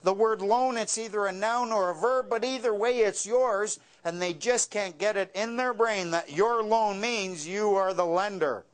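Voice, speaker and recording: A man's voice: sits high, moderate pace, hardly any pauses. A man giving a talk, telling wry stories and dropping dry punchlines. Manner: wry, joking storyteller with a dry punchline delivery. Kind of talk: storytelling talk with jokes.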